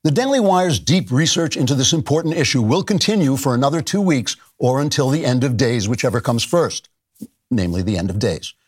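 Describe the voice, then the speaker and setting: An older man hosting a show, delivering scripted satire in a dry, mock-solemn deadpan. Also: medium pitch, brisk, breathy edge. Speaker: satirical host.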